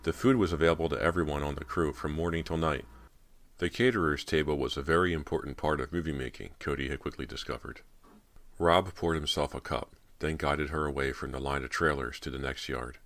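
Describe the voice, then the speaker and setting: A man narrating a horror novel as an audiobook, in a steady, low-key reading. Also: brisk.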